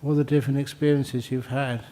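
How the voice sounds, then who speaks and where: A man's voice: mid-range voice, little pitch movement, brisk, dark tone. An older man, a Buddhist monk, giving a conversational dharma talk and answering questions, with jokes and phrases repeated for emphasis. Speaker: Buddhist monk teaching meditation.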